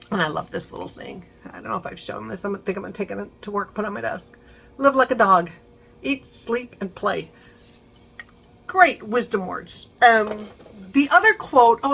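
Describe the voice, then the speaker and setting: A woman's voice: mid-range voice, pushed and bright, low-quality recording. A middle-aged woman chatting casually to her viewers, encouraging and laughing often. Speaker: vlogger. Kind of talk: casual chat to camera.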